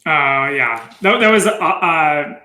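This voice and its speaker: A man's voice: on the high side, expressive, takes it slowly, over a noisy crowd. A man co-hosting a podcast, leading segments and making apologetic asides in casual chat. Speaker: podcast co-host. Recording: roomy echo.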